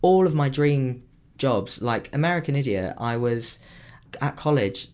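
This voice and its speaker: Animated man telling stories. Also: a little slow. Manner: animated storytelling with big pitch leaps. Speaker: musical theatre performer, guest. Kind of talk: casual chat.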